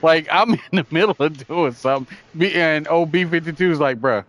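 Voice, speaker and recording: A man's voice: a little high, fairly quick, fairly bright tone. A man co-hosting a podcast, chatting about games in a laid-back, slangy way. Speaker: podcast co-host. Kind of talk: casual gaming chat.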